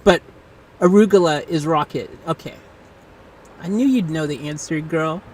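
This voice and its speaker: A woman's voice: low voice, darkish tone, distant mic, a little hiss or hum, rough recording. A woman from the United States hosting a live stream, chatting casually and playfully with an AI. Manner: playful, chatty, quick to laugh. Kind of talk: casual chat with an AI.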